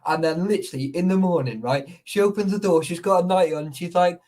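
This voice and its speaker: A man's voice: high voice, quick pace, darkish tone, poor audio. A man chatting casually on a live stream, telling rambling stories full of fillers. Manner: rambling storyteller, many fillers. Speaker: urban explorer host.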